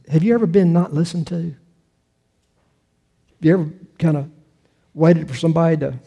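A man's voice: a little high, creaky, warm tone, husky. An older man preaching a sermon in a conversational way, full of rhetorical questions and restarts. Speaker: pastor.

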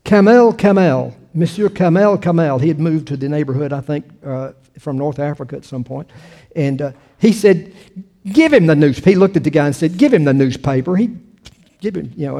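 A man's voice: mid-range voice, mellow. An older man preaching a sermon in a conversational way, full of rhetorical questions and restarts. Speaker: pastor.

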